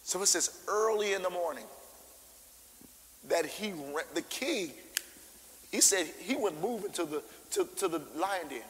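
Animated preacher man in a reverberant hall. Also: high-pitched. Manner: animated, acts out scripture with shouted character voices; informal, call-and-response preaching. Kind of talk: sermon.

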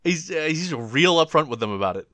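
A man's voice: on the high side, lively intonation, brisk, fairly bright tone, no echo. A man in casual podcast chat, giving wry commentary with laughter.

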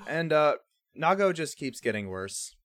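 A man's voice: a little high, sing-song, unhurried, a bit bright, dry recording, clean studio sound. A man co-hosting a podcast in casual chat, swearing freely and acting out quotes as he recaps. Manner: casual and profane, acts out quotes.

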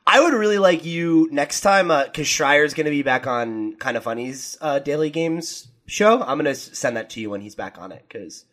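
A man hosting a casual games podcast, talking in an excitable way and often breaking into laughter. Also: on the high side, moderate pace, hardly any pauses. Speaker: podcast host. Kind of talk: casual chat.

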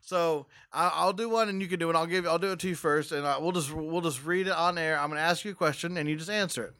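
Man, casual podcast host, eager, restarts a lot, bright tone, dry close sound. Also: fairly high pitch, fast talker, no room sound. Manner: eager, repeats and restarts while explaining. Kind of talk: casual chat.

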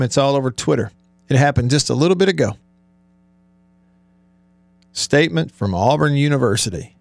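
A man's voice: on the high side, gravelly, no room sound. A middle-aged man hosting a sports talk show, ranting with heated sarcasm and building emphasis. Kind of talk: live-streamed sports talk monologue.

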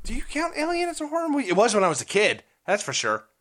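A middle-aged man co-hosting a podcast, chatting casually and gushing with excitement about retro games. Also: sits high, fast. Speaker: podcast co-host.

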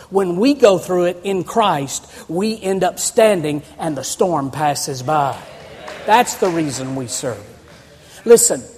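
A man's voice: high-pitched, a little mellow, breathy edge. A man preaching a sermon as pastor, calling on the congregation to answer back and turn to scripture. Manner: preaching with call-and-response to the congregation. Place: church sanctuary. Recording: long reverb of a church hall.

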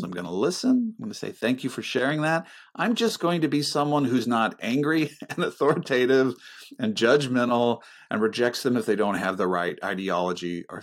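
A middle-aged man talking earnestly about faith and relationships, with a pastoral manner, often dropping into a soft, low voice. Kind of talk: reflective faith conversation.

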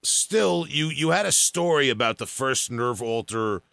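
A man with a Long Island accent hosting a casual podcast interview, laid-back and halting with lots of fillers. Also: mid-range voice, lively intonation, vocal fry, a bit bright, no echo, studio quality. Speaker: podcast host.

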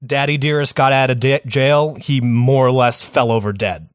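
A young man narrates a story for his comedy podcast in a relaxed, foul-mouthed way. His voice sits in a middle range and sounds close and dry, with no room around it. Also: medium pitch, normal speed, clean tone, no room sound. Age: young adult. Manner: profane, laid-back narrating. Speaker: podcast co-host telling the story.

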